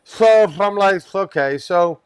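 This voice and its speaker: A man who works in pest control tells a wild work story as a guest on a comedy podcast, swearing freely and laughing as he goes. His voice sits high, clear and resonant, at a measured pace with no echo.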